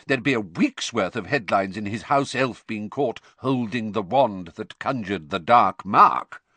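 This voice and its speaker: A man's voice: on the low side, measured pace, pushed and bright, breathy edge, dry recording, full character voice. A man voicing a tired, irritable middle-aged father who grumbles.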